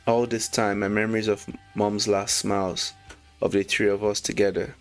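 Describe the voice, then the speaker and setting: A man casually reviewing a manga chapter, reading lines aloud, excited and slangy, laughing often. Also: lowish voice, moderate pace, soft background music. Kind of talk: casual read-along commentary.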